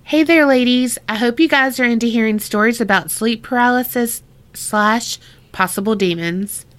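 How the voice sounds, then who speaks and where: A woman's voice: a little high, moderate pace, fairly bright tone. A woman co-hosting a casual podcast, reading listener stories aloud, laughing often and swearing freely. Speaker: podcast co-host.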